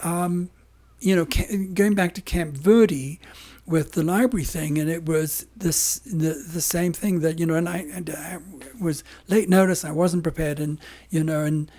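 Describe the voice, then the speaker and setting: A man talking as a podcast guest in casual interview talk, hoarse and losing his voice, rambling with emphatic restarts. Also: fairly high pitch, steady tone, measured pace, darkish tone.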